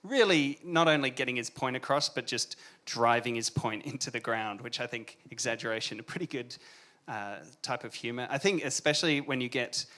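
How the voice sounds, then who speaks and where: Male panelist, mid-pitched, easygoing and thoughtful, slips in wry asides. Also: brisk, pushed and bright. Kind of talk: panel discussion.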